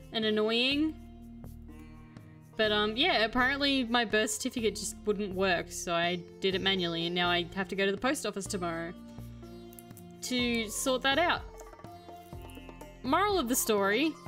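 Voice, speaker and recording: A young woman with a fairly high, slightly bright voice chats casually while streaming a game, telling an exasperated story.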